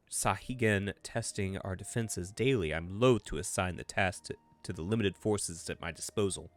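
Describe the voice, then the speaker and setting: A man voicing a proper English gentleman naval commander with a measured, formal delivery, reading game dialogue. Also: sits low, lightly acted.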